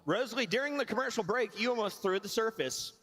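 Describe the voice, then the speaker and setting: A man's voice: high voice, animated, quick pace, bright, forceful tone, no echo. A man hosting an esports broadcast desk, with upbeat, polished presenter patter.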